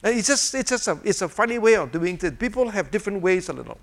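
An older preacher gives an informal sermon in a high-sitting, fast voice. He's animated and full of rhetorical questions, chuckling as he demonstrates a fidget toy.

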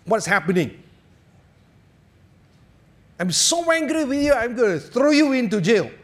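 An angry policeman barks threats in a high, lively voice, as a preacher acts him out inside a joke. His words climb and tumble as his temper rises. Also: unhurried, full character voice. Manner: shouting, threatening. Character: angry male police officer.

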